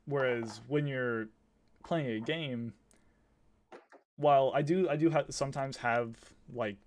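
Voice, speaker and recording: A young man co-hosting a podcast, explaining his views in an animated, casual way. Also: medium pitch, takes it slowly, a little hiss or hum. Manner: animated, laughs while explaining. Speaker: podcast co-host. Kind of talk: casual chat.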